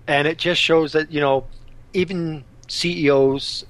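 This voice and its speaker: A man's voice: on the high side, fairly even intonation, a little slow, a bit bright, dry recording. Blunt, swearing male podcast co-host. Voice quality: swears freely, blunt, reads aloud with emphasis. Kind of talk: casual profane chat.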